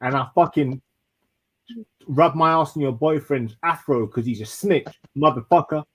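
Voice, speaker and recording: A man's voice: a little high, normal speed, slightly rough, rough recording. A man from London throwing crude, swear-heavy freestyle insults in a trash-talk battle.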